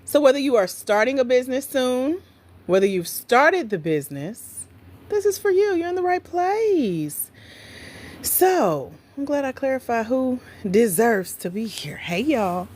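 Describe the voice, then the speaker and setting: Lively, chatty woman livestream host. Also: high voice, a little slow. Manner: chatty, playful, talks straight to viewers. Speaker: livestream host, grants coach. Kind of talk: casual livestream chat.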